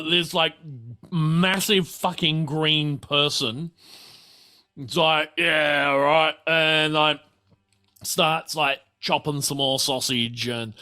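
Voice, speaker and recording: A man's voice: on the high side, sharp tone. A man narrating a tabletop game as game master, rambling along with lots of fillers and restarts.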